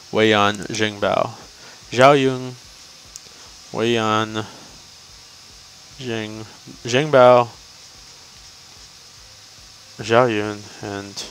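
A man's voice: on the low side, a bit bright, slight background noise, low-quality recording. A young man giving casual gameplay commentary for a guide video, rambling and joking to himself as he plays.

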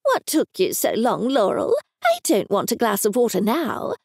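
A woman's voice: a little high, huge pitch swings, moderate pace, husky, no echo, clean studio sound, heavily acted. An Australian woman voicing a stern, prim, disapproving older mother.

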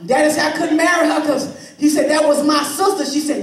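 A woman telling church stand-up comedy to an audience, with animated storytelling full of Southern slang and frequent laughs. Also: high-pitched, a little fast. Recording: echoey church hall, far mic, loud crowd laughter.

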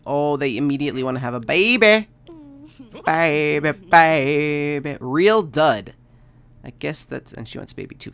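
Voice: mid-range voice, vocal fry, fairly bright tone. A let's play host giving casual gameplay commentary, chatting away and talking to the game characters with bursts of mock panic.

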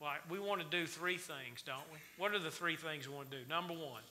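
This Wednesday night Bible study teacher has a slightly high voice, pushed and bright, and he moves briskly. Folksy in style, he quizzes the congregation with questions in a church sanctuary full of reverberation.

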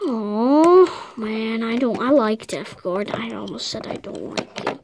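A woman's voice: a little high, expressive, slow, creaky, background noise. A girl hosting a casual video, narrating toy play in a chatty, giggly, rambling way. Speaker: video host.

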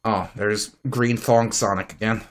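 A man's voice: lowish voice, steady tone, measured pace, a little hiss or hum. A male streamer giving wry, rambling commentary as he plays and reads a fan game aloud.

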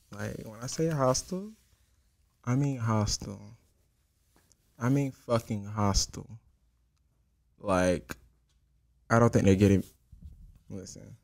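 A young man hosting a comedic story time, animated and profane, jumping from loud outbursts to hushed asides. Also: lowish voice, gravelly, dry recording, studio quality. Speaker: host.

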